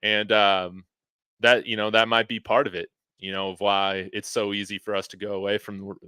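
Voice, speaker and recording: A man's voice: lowish voice, little pitch movement, normal speed, bright, forceful tone, smooth, no echo. A man hosting a casual sports podcast. He is laid-back, chuckles often, and fills his talk with "man" and "you know". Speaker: podcast host.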